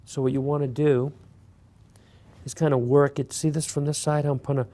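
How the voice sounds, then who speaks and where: A man hosting a beginner clay sculpting tutorial, talking relaxed and casual while he works. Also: a little high, normal speed. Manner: relaxed, talks while working, many fillers. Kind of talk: step-by-step craft tutorial.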